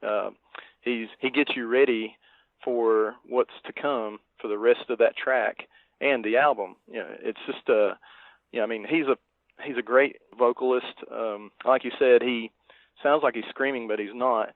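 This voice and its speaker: A man's voice: medium pitch, steady tone, moderate pace, no room sound. A man cohosting a podcast in casual chat, speaking in a meandering, hesitant way. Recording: dry, tinny phone-like line.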